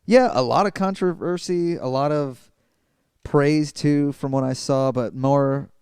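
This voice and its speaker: A man's voice: on the high side, a little slow, darkish tone, smooth, dry recording, clean studio sound. A man co-hosting a wrestling podcast in casual, profane, laid-back banter. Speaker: podcast co-host.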